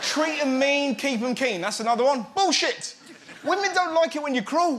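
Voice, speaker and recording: A man's voice: extremely high pitch, moderate pace. A man doing a stand-up monologue as host, mocking and slipping into silly voices. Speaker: comedian host. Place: studio with live audience. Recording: loud crowd and noise. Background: audience laughter.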